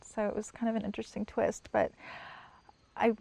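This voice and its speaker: A middle-aged woman giving personal testimony in an interview, soft-spoken and halting, with many pauses and restarts, sometimes near a whisper. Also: mid-range voice, little pitch movement, vocal fry. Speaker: sign language interpreter.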